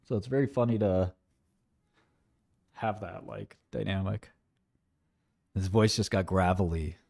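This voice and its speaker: A man's voice: on the low side, a little slow, creaky, warm tone, no echo, clean studio sound. A man giving rambling, sarcastic livestream commentary, mocking and wandering off topic.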